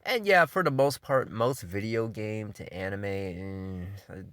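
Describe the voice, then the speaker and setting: A man with a lowish voice talks through an anime countdown as casual spoken commentary. He sounds laid-back and enthusiastic, swears freely, and leans on fillers like um and you know. The sound is dry and close, with no room echo. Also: slow pace, fairly bright tone. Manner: loose delivery full of fillers like um and you know. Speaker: anime reviewer hosting a countdown list.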